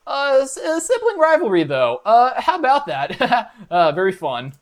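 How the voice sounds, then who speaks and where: A man's voice: very high-pitched, huge pitch swings, measured pace, a little hiss or hum. A man hosting a comedic reaction video, rambling in a mock-enthusiastic way with many filler uhs.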